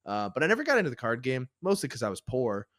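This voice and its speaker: A man's voice: mid-range voice, big pitch swings, fast talker, a bit bright, no room sound. Young male podcast co-host, casual and rambling, dry close sound. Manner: rambling, hedging with "like" and "I don't know". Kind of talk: casual chat.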